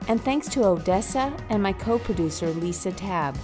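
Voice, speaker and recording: A woman's voice: medium pitch, animated, normal speed, a little mellow, soft background music. A woman hosting a podcast as a physician, explaining in an earnest, informative way.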